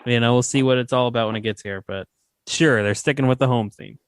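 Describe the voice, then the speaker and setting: A man's voice: medium pitch, quick pace, clear, resonant tone, no echo, clean studio sound. A man hosting a podcast, chatting casually and giving opinions with lots of fillers. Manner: relaxed, opinionated, many fillers. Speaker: podcast host. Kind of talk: casual chat.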